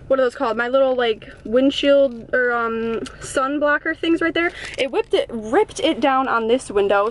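A young woman with a bright, high voice talks straight to her phone from the driver's seat of her car. She rambles through a casual story, stuffing nearly every phrase with "like." A faint hiss of noise sits under her voice. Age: young adult. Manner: rambling, chatty, heavy use of "like". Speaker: vlogger, young mother. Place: inside a parked car.

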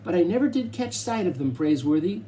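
An eager boy speaks up, earnest and raised in pitch, as a man reads him. The tone stays soft and mellow. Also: sing-song, quick pace, a little hiss or hum, low-quality recording.

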